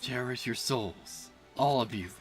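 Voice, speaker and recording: A woman voicing a solemn ancient female demon slayer who consumes souls, speaking gravely and with resolve. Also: a bass voice, a little slow, over music. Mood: tearful farewell.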